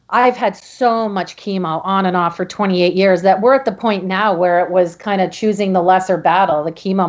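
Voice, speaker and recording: A middle-aged woman from Connecticut, a podcast guest, telling a personal story in a halting way with many restarts. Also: medium pitch, highs cut off. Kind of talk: emotional personal interview storytelling.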